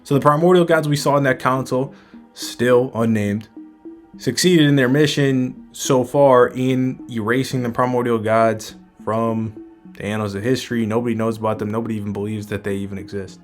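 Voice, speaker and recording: Guy doing a laid-back manga chapter breakdown, thinks out loud, middle pitch, soft music behind. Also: fairly even intonation, moderate pace. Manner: conversational, musing aloud. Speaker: manga commentator.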